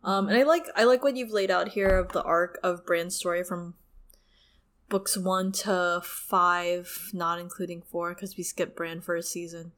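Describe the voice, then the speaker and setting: A woman's voice: fairly low pitch, steady tone, unhurried, fairly bright tone. A young woman co-hosting a podcast, chatting casually about a book and reading passages aloud, laughing and swearing easily. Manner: laughs often, swears, emotional. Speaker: podcast co-host.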